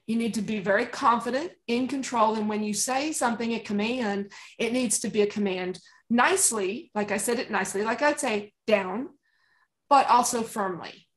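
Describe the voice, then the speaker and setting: A woman dog trainer speaking as an interview guest, calm and emphatic, often laughing and acting out commands she gives to dogs. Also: on the high side, a little fast, few pauses. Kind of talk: conversational interview.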